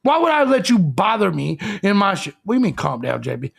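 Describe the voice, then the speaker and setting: High, gravelly-voiced man ranting crudely. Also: very animated, a little fast. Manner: crude, combative, lecturing the audience. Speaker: live show host. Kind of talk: live-stream rant.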